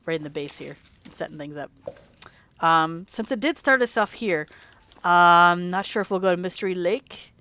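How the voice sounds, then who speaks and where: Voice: mid-range voice, a bit bright, no echo. A let's play host rambling in casual gameplay commentary, chatty and laughing often, sleepy and yawning late at night.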